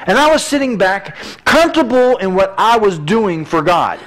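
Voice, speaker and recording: A man's voice: sits high, lively intonation, normal speed, fairly bright tone, low-quality recording. A middle-aged man, preaching a conversational sermon with many restarts and asides.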